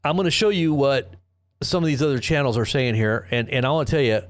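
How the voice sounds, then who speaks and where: The host of a live news commentary channel rambles sarcastically on his stream, frequently restarting and posing rhetorical questions. His medium-pitched voice is animated and fast.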